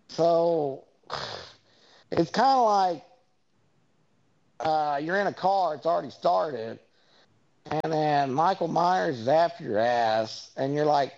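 A man rambles through a story, with filler words and swearing. His voice is gravelly and his pitch swings widely. The recording sounds dull and lo-fi. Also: lively intonation, moderate pace, a little mellow. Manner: rambling storyteller, many fillers, profane asides. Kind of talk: casual rambling monologue.

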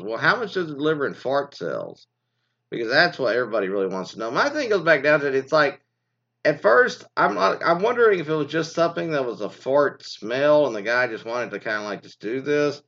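Man, casual ranting commentary, swearing a lot, lively swooping voice, muffled lo-fi audio. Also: mid-range voice. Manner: profane, rambling, exasperated. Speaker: commentary host. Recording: dull lo-fi sound.

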